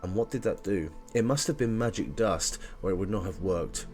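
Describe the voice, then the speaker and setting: A small, childlike female guardian creature, voiced by a man, eager and fretful. She talks about herself by name and mangles her grammar in a higher, wavering tone over a naturally deep voice. The voice stays lively with faint music behind it. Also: normal speed. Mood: indignant chatter.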